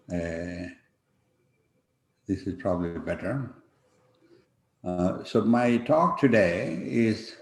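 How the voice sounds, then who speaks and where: A man giving an online conference talk over a video call, pausing often with fillers and restarting his sentences. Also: low voice, darkish tone. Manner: halting, many fillers and restarts. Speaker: conference panel speaker. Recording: echoey room.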